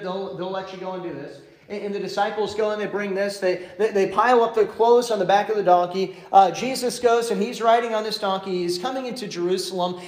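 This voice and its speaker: A male pastor preaching a sermon, reading scripture and then retelling it in a lively way with many restarts. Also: sits high, fairly quick.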